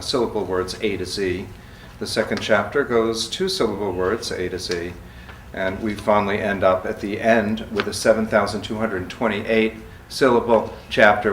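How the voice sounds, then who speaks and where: A man poet calmly explaining his book project in a slow, measured way, then chanting long lists of words. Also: on the low side. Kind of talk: talk and poetry reading. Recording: echoey room from far off, faint noise.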